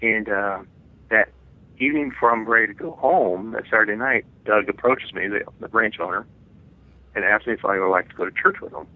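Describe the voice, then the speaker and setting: A man, the guest author, earnestly telling a personal testimony in an interview, pausing and restarting as he goes. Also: on the low side, no echo. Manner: earnest, reflective storytelling with frequent restarts. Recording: phone-like line.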